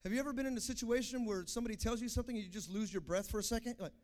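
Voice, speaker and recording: A young man preaching a sermon, swinging from fervent shouted calls to the congregation to quiet, confessional stories. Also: very high-pitched, rapid-fire. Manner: impassioned, builds to shouting, then quiet and confessional.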